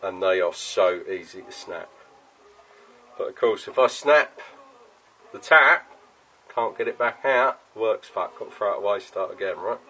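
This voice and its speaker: A man's voice: lowish voice, a little slow, pauses often, bright, forceful tone, poor audio. Chatty man in a garage workshop. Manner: chatty, swears casually, explains while working. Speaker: workshop maker. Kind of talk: casual workshop vlog.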